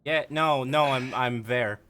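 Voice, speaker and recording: A man's voice: mid-range voice, a little slow, sharp tone. A man streaming a video game, chatting casually and joking, swearing freely. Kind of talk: casual live-stream commentary. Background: game music.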